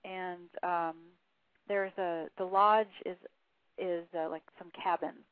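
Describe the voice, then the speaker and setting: Heard over the phone, this author guest, a woman, goes through a case in a long story and reads quotes aloud, leaning on fillers often. Her fairly low voice stays steady as she takes it slowly, with no room sound.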